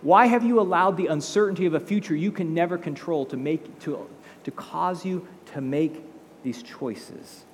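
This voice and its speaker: A man's voice: a little high, normal speed, long reverb tail, a little hiss or hum, pitched above the performer's own voice, close to an everyday voice. A man voicing God as a patient male figure who keeps asking probing questions and gives firm reassurance.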